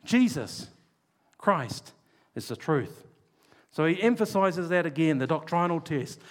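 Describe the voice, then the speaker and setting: Male preacher, high voice, emphatic sermon delivery with slowed stresses and low, quiet asides. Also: lively intonation.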